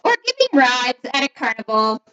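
A woman reading a picture book aloud to children, animated and laughing often. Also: high-pitched, normal speed, lo-fi sound. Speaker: storytime reader.

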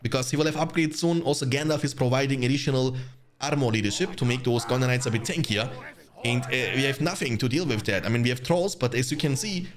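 Young man, gameplay commentary, chatty, excitable, mid-pitched voice, talks straight to viewers. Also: fast talker. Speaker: gaming channel host.

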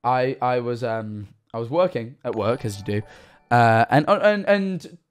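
A man in his twenties talks in a mid-pitched voice, audibly tipsy. He rambles through his stories, swinging from loud, high outbursts to hushed, near-whispered asides. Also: lively intonation, a little slow, clean tone. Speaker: streamer. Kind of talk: casual live-stream chat.

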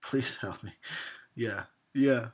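A man's voice: mid-range voice, slow, breathy edge. A man giving a tipsy, sarcastic commentary on a horror film, laughing and swearing as he goes. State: tipsy from drinking.

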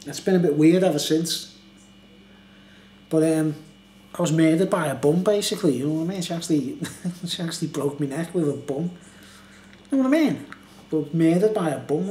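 A man's voice: on the high side, a little mellow. A man, a bit tipsy, rambles in a chatty, meandering way, forever leaning on filler phrases. His voice rings around a bare, echoey room with a faint hum underneath. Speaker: beer reviewer. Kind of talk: casual rambling monologue.

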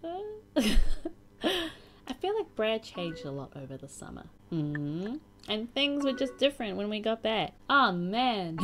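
A woman's voice: mid-range voice, big pitch swings, unhurried, fairly bright tone. A young woman casually commenting on a game she is playing and reading its chat messages aloud in a playful, chatty way. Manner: chatty and playful, reacting with sighs and laughs. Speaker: gaming YouTuber.

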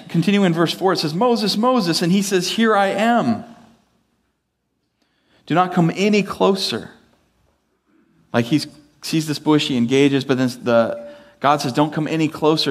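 A man preaching a sermon with a slightly higher voice than most men. He talks like he is chatting with the congregation, relaxed and informal, with filler words and sentences that start over. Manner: conversational storytelling, loose with fillers and restarts. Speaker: pastor.

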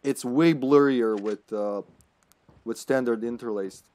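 A man's voice: mid-range voice, measured pace, darkish tone. Chatty man streaming a game. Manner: chatty and jokey, often laughing, greeting chat. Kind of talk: live gameplay commentary.

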